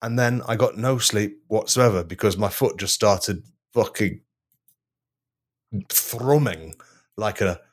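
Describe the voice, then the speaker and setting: A man's voice: on the low side, slow, pauses often. A man co-hosting a comedy podcast, telling rambling stories in casual chat and laughing often. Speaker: podcast co-host.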